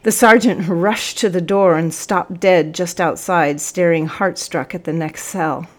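A woman's voice: on the low side, fairly even intonation, a little slow. A woman narrating a storybook in the first person, in an earnest, reflective way.

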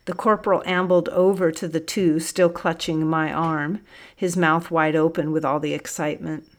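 A woman narrating an audiobook in a calm, even way. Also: low voice, moderate pace.

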